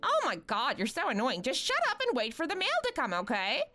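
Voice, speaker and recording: A woman's voice: high-pitched, wildly swooping pitch, brisk, fairly bright tone, soft background music, heavily acted. A woman putting on a mocking scheming mother. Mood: bossy. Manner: mocking, condescending and bossy. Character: scheming, rude young mother selling her son. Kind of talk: animated story voice acting.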